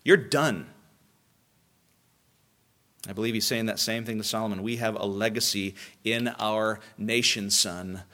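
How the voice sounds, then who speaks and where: A man's voice: lowish voice, a bit bright. A man preaching a sermon as pastor, emphatic and repeating key lines for emphasis.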